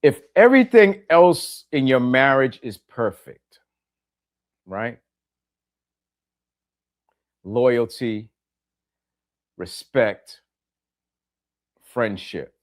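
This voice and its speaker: A man's voice: mid-range voice, lively intonation, very slow, long pauses. A middle-aged man hosting a podcast, talking plainly to his listeners, repeating key phrases for emphasis and asking them direct questions. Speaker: podcast host. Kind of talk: reflective monologue to listeners.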